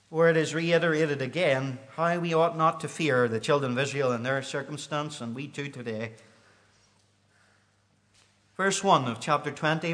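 A man preaches a sermon, reading scripture with a King James cadence and building to loud, high-pitched declamation.

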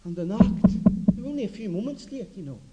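A man preaching a revival mission sermon, swinging between hushed low asides and loud, impassioned shouting. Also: big pitch swings, fast talker, in a large hall, lo-fi sound, heavy background noise.

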